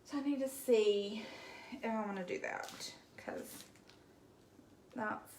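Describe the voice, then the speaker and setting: Woman, Southern Alabama accent, folksy livestream chatter, fairly high voice, roomy echo. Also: takes it slowly, a little mellow, slight background noise. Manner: chatty and folksy, answers viewer comments aloud. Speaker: craft livestream host. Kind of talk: casual livestream chat while painting.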